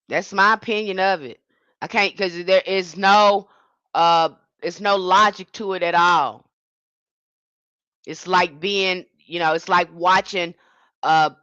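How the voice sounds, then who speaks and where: Impassioned woman, bright voice. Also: fairly low pitch, dry recording, highs cut off. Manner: emphatic, indignant, with frequent restarts. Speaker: livestream host. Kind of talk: impassioned livestream monologue.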